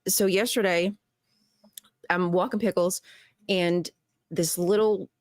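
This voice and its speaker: A woman who is a guest on a talk show, telling a story in an animated, exasperated way with frequent laughs. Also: lowish voice, slow, dry recording, studio quality. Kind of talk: casual chat.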